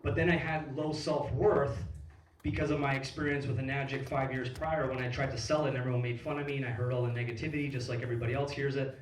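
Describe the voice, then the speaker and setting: A man's voice: mid-range voice, level tone, fast talker. A man in his thirties speaks on stage at a business event, picked up from far off in a roomy, echoing hall with a faint hiss underneath. He tells his stories loosely, full of fillers and casual swearing. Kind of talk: motivational stage talk. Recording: echoey hall recorded from far off.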